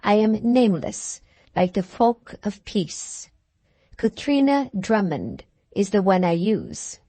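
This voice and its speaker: A woman reading aloud voices a proud, spirited young Highland girl in an audiobook, lifting her pitch and speaking with a lilt. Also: sing-song, slow, mellow, dry recording. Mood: haughty.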